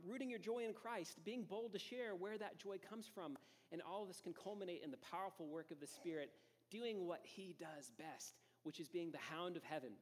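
A man preaching a sermon as pastor, telling a story in a relaxed, conversational way with frequent fillers. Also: on the high side, long reverb tail.

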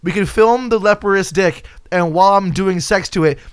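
A man's voice: high-pitched, moderate pace, clear, resonant tone, no echo, studio quality, natural voice. A man putting on a goofy male movie star who prank-calls a stranger, rambling and stammering with crude jokes. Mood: rambling pitch.

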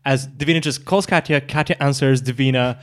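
A man's voice: mid-range voice, a little fast. A man co-hosting a podcast, chatting casually and playfully, laughing often and acting out quotes. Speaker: podcast co-host. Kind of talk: casual chat recapping a TV show.

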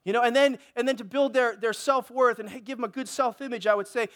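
A middle-aged man preaches a sermon in an unusually high voice for a man. He delivers it with fervor and keeps asking his congregation for an amen. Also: steady tone, brisk, a bit bright. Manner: impassioned, calls for amens from the congregation. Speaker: pastor.

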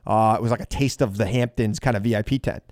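A man's voice: fairly low pitch, quick pace, a little mellow, no echo, studio quality. A man in his forties hosting a talk radio show, chatting casually and telling stories with enthusiasm.

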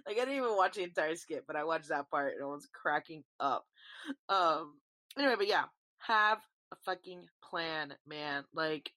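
Here the podcast host, a young woman, speaks at a moderate pace in an expressive, slightly bright voice on the low side. It's a rambling solo chat, loaded with casual swearing and plenty of y'all for her listeners.

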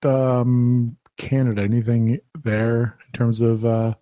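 A man's voice: medium pitch, level tone, slow pace, warm tone, no room sound. A man, a podcast co-host, asking questions in casual chat, hesitant with fillers.

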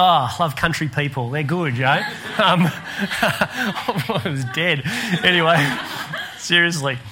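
An Australian man delivers a sermon with a bright, forceful voice that sits a little high for a man. He preaches like an animated storyteller and laughs through his anecdotes. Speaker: pastor.

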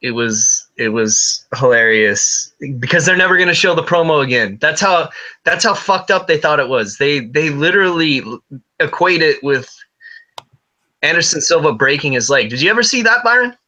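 Male podcast co-host, very bright tone, crude joking banter. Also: a little high, lively intonation, moderate pace. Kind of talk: casual chat.

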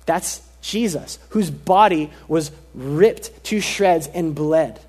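A man preaching a sermon as pastor, earnest and emphatic, repeating key phrases and dropping his voice soft for stress. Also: fairly high pitch, takes it slowly.

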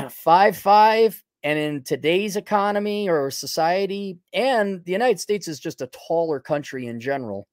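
Casting Man with an Upper Midwest Milwaukee accent, bluntly opinionated podcast host, voice sits a bit high, dry close sound. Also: animated, normal speed, no echo. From Milwaukee, Wisconsin. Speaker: podcast host reading viewer donations. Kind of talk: casual livestream commentary.

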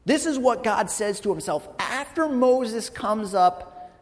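A pastor in his thirties delivers a conversational sermon in a high, animated voice at a slow pace, with long hall reverb on the recording. He tells the story casually and keeps checking in with the congregation through frequent "right?" asides.

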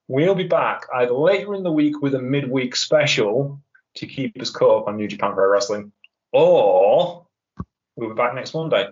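A man's voice: mid-range voice, expressive, normal speed. A man hosting a casual wrestling podcast, chatty and wry with rambling asides. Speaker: podcast host. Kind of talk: casual chat. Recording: dull lo-fi podcast audio.

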